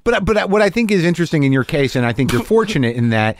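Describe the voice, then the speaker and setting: A man hosting a casual interview, thoughtful and halting, restarting his sentences as he works through an idea. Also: on the high side, big pitch swings, dry recording. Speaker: podcast host.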